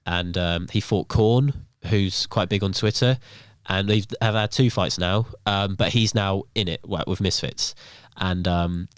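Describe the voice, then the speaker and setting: A man's voice: low voice, unhurried, few pauses, clean tone, no room sound, studio quality. A young man telling stories on a podcast as the guest, with lots of fillers like "um" and "like". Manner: rambling, filler-heavy storytelling. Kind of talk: casual podcast chat.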